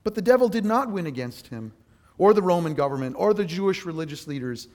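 A male pastor preaching a sermon, earnest and self-deprecating, telling personal stories in an animated way. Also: high-pitched, quick pace.

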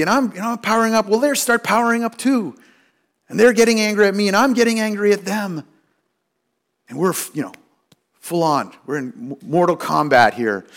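Middle-aged guy preaching, high voice, tells stories and acts out what people said. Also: fairly bright tone. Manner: storytelling, acts out quoted voices with rising pitch. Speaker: pastor. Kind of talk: sermon.

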